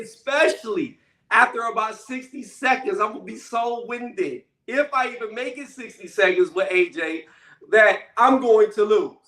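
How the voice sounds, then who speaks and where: High, bright-voiced man ranting casually. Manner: blunt, emphatic, repeats "okay" and "right". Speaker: channel host. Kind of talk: casual commentary rant. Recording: echoey room, mic at a distance.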